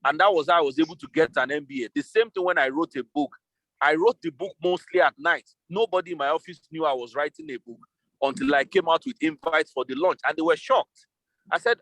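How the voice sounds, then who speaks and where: A man's voice: fairly high pitch, a little fast, a bit bright, no room sound. Methodical man explaining over a call. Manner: methodical, lays out scenarios step by step. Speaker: guest, business consultant. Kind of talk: explanatory interview answer. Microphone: remote call.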